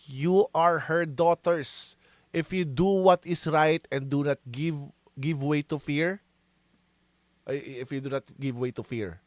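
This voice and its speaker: A man with a Filipino accent giving casual commentary, switching between Tagalog and English, animated and quick to laugh as he reads verses aloud. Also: fairly high pitch, no room sound. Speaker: online commentator.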